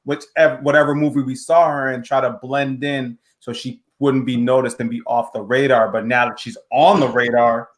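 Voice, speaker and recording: A man with a mid-range voice, chatting casually on a podcast. He speculates in an easygoing, relaxed way. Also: medium pitch, moderate pace, few pauses.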